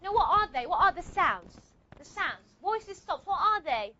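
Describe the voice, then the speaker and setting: A woman's voice: very high-pitched, big pitch swings, normal speed, sharp tone, lo-fi sound. A woman teaching a classroom lecture, repeating and modeling sounds and checking often that students follow.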